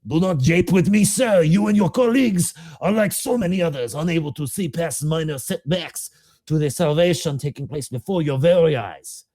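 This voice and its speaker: A man's voice: medium pitch, expressive, normal speed, dark tone, close to an everyday voice. A man reading aloud the lines of an obsessive, proud plague doctor, with a put-on foreign accent and a formal manner. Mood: agitated.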